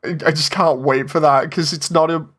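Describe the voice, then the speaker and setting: A man's voice: fairly high pitch, fairly even intonation, brisk, a bit bright. A man in casual commentary, chatting about voice takes as an animator and laughing often. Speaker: animator and streamer.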